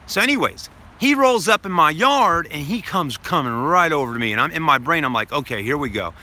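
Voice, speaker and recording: A man's voice: a little high, lively intonation, brisk, pushed and bright. A man telling a story to his live stream viewers in a casual, rambling way, repeating himself, swearing now and then, and addressing them as folks.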